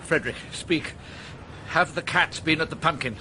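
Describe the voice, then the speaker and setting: An actor playing a vague, fussy elderly earl with an upper-class English accent in a radio drama. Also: male voice, on the high side, normal speed, bright, forceful tone, slight background noise. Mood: fretful. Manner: dithering, fussy. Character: vague elderly earl fretting over his pumpkin.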